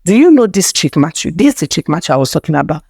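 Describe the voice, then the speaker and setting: A wounded young groom rebukes his bride in reproachful, accusing tones, played by a woman storyteller. The delivery swings widely in pitch, in a dry, close recording. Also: sing-song, quick pace, darkish tone, breathy edge, dry recording, heavily acted.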